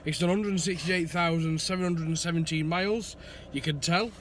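A man's voice: a little high, normal speed, slight background noise. A man with a Yorkshire accent chatting and joking as co-host of a casual car vlog, recorded inside a car. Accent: Yorkshire English. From Yorkshire, England. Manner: jokey, laughing often, loud sign-off calls. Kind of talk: casual banter.

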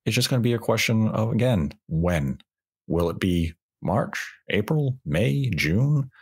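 Deep husky guy hosting a podcast, talks it through step by step, pretty analytical. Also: big pitch swings, unhurried. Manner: analytical, explains at length. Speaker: podcast host. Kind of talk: casual podcast discussion.

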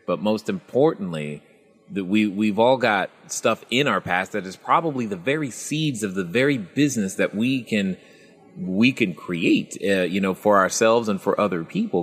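Male podcast host, lowish voice, encouraging, pulls out the lessons for listeners. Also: husky, long reverb tail. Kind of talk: interview hosting.

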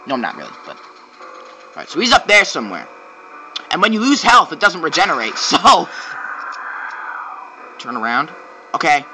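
A man giving goofy, excitable, rambling commentary while playing a game and joking to himself. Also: mid-range voice, fairly quick, long pauses, soft background music. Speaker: game reviewer. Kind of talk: casual gameplay commentary.

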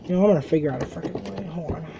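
Casual collector vlogger, rambling and profane, filler-heavy, mid pitch, noisy bedroom recording. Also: racing, creaky, dark tone. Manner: rambling, joking, swears often, then apologizes; many filler ums and restarts. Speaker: toy collector unboxing a figure. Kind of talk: casual unboxing vlog. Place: bedroom at home.

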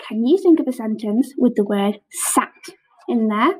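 A woman teaching a phonics lesson to young children on camera, sounding out letters slowly with lots of praise. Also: fairly high pitch, lively intonation, breathy edge, low-quality recording. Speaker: primary school teacher.

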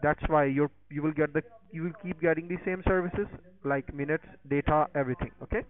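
A man calling as a phone scammer, rushing a pushy sales pitch in broken English and then swearing. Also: fairly even intonation. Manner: rushed, pushy sales pitch turning to insults. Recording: tinny phone line.

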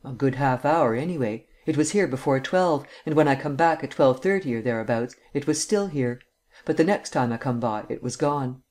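A man's voice: mid-range voice, normal speed, a little mellow, natural voice. Plain-spoken patrolman reporting, respectful, read by a man, audiobook. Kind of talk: audiobook reading.

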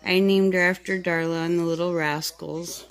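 A tired woman chatting casually in a home video, talking softly and fondly to her kittens. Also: lowish voice, flat delivery, normal speed, clear, resonant tone. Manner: soft, fond baby talk to kittens. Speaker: vlogger.

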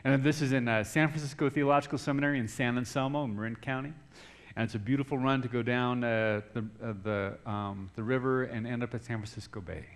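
This middle-aged man preaches quickly, his medium-pitched voice keeping a fairly even intonation. Telling a personal story in his sermon, he swings from soft, hushed moments to loud shouts.

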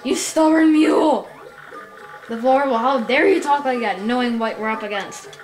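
A woman's voice: fairly high pitch, brisk, lightly acted. A woman reading the lines of a cranky, bossy old tribal elder who scolds and forgets things, over game music in a roomy space. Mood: furious.

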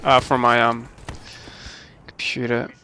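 A young man casually commentating his own game livestream, excitable, laughing and swearing as he plays. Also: medium pitch, slow pace, a little hiss or hum. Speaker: gaming livestreamer.

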